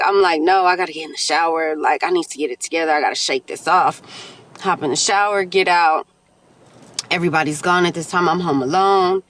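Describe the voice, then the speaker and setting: A woman, a mother, candidly telling a personal story in a casual vlog, animated and quoting her own thoughts. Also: lowish voice, a little hiss or hum. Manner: candid, animated retelling with laughs and quoted inner voices.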